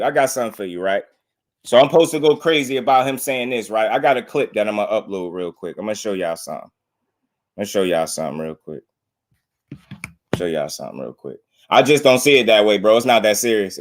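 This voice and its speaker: Young guy, higher-pitched voice, arguing his boxing take live, keeps saying bro and repeating himself. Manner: argumentative, emphatic, repeats points, addresses chat as bro. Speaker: boxing reaction streamer. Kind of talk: live reaction commentary.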